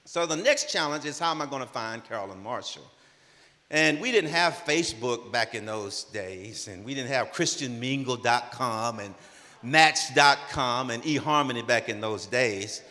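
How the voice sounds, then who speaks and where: A man in his sixties telling a personal story at a conference, animated and acting out the dialogue. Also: mid-range voice, normal speed. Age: 60s. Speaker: conference speaker. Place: conference hall. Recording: long reverb of a large hall.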